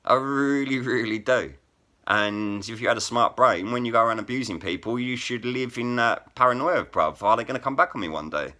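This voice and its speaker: Forceful, sharp-voiced man ranting. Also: mid-range voice, brisk. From England. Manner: blunt, heavily profane, repeats "bruv" and "innit". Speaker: vlogger and rap poet. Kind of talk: angry to-camera rant.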